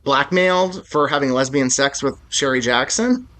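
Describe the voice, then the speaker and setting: A man's voice: mid-range voice, moderate pace, a bit bright. A man co-hosting a podcast about films, chatting casually and with enthusiasm, often restarting his sentences. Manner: enthusiastic, rambling, many self-restarts. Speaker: podcast co-host. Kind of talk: casual film-discussion chat.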